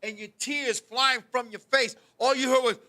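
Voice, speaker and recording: A man with a very high, piercingly bright voice tells a comic story. He talks in an animated, profane way and acts out scenes with sudden shouts, as a co-host of a talk show. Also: moderate pace. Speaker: podcast co-host.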